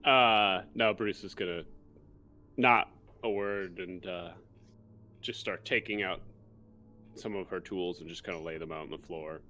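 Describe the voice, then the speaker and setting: A man playing a tabletop game, speaking in a hesitant, halting way. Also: low-pitched, bright, forceful tone. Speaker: player.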